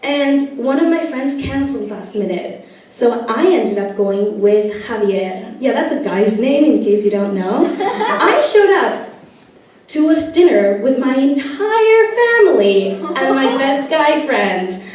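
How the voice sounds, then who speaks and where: A young woman from Spain, telling wry stand-up stories about her family with long comic pauses. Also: high-pitched, big pitch swings, darkish tone. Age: young adult. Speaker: stand-up comedian. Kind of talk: stand-up comedy set. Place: comedy club stage. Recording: echoey room, mic at a distance.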